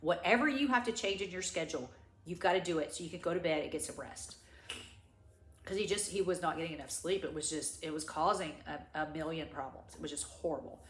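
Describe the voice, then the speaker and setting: A middle-aged woman talking through tears, her voice sitting a little low for a woman. She rambles and restarts, telling a personal story in a vlog. The sound rings in an echoey room. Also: slight background noise. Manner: halting, rambling, many restarts. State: crying. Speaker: vlogger. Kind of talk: tearful personal story time.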